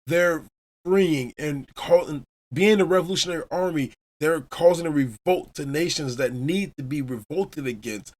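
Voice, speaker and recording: A man's voice: a little high, moderate pace. A man from Chicago hosting a podcast, casually recapping a manga chapter as an enthusiastic storyteller. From Chicago, USA. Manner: enthusiastic storyteller retelling scenes. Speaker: podcast host.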